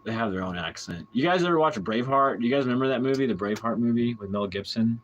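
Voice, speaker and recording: A man's voice: mid-range voice, lively intonation, quick pace, muffled recording, slight background noise. An American man chatting casually in a late-night vlog, answering his chat in a playful, rambling way and laughing often.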